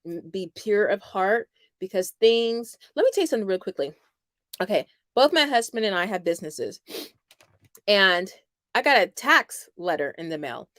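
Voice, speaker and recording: A middle-aged woman hosting a homeschool channel, chatting casually with viewers and telling animated stories with playful quoted voices. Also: mid-range voice, normal speed, no echo, clean studio sound. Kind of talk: casual livestream chat with viewers.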